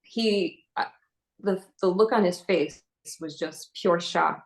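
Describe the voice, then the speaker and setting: A young adult woman gives a personal testimony as an inspirational speaker. Her voice sits low and has a gravelly, creaky edge. She tells the story earnestly and haltingly, with frequent fillers. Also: rough recording.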